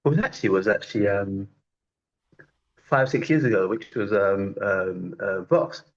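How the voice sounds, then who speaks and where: Guy rambling excitedly on a zoom call, muffled lo-fi sound, lots of ums. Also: on the low side, moderate pace. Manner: chatty, animated, many fillers. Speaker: network marketer giving a testimonial. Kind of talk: online group call testimonial. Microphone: video call. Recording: dull lo-fi video call audio.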